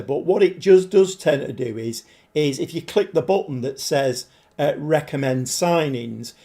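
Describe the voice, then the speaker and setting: Gravelly, slightly hoarse man streaming a game. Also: a little high, mellow. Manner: chatty, easily frustrated, greets viewers. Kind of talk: live-stream commentary while playing.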